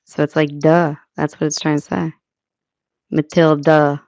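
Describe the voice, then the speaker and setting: An American woman hosting a casual live chat with her viewers, thinking aloud and filling pauses as she works things out. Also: low voice, level tone, vocal fry, a little mellow, no room sound. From United States. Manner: chatty, thinking aloud with many fillers. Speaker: livestream host.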